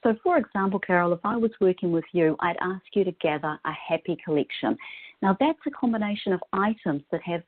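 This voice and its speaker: A woman's voice: on the low side, a little fast. A woman from New Zealand with a New Zealand accent, speaking as a guest in a podcast interview in an upbeat, effusive way. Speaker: guest, wardrobe stylist. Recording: phone-line audio.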